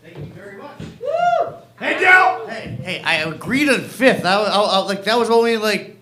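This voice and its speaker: A young man doing halting, rambling stand-up at an open mic on a club stage. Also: sits high, wildly swooping pitch, over a noisy crowd. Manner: rambling, halting, lots of fillers and restarts. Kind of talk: stand-up comedy. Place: comedy club stage with audience.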